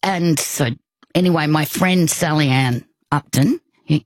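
An older woman, telling a personal story in casual conversation, rambling warmly with restarts and asides. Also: sits low, a little slow, no room sound.

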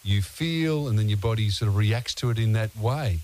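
Rambling radio host. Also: male voice, on the low side, animated, moderate pace, darkish tone, slight background noise. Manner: rambling, hesitant questions with many fillers. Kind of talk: radio interview.

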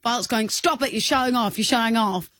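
A woman co-hosting a radio show, telling a story with lively mimicry of voices. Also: a little high, a little fast, no echo, studio quality. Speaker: radio co-host. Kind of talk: casual radio banter. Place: radio studio. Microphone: studio mic.

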